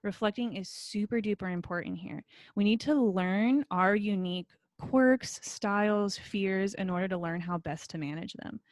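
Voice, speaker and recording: A woman's voice: medium pitch, normal speed, dry recording, clean studio sound. A woman instructor recording a video lecture on her computer, talking in a friendly, encouraging way with frequent fillers. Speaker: college instructor.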